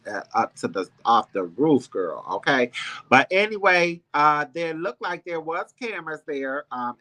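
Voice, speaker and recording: A man's voice: a little high, bright, forceful tone. A man hosting a celebrity gossip livestream, chatting sassily with his viewers, calling them girl and honey, rambling with ums and restarts. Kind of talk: casual chat with live viewers.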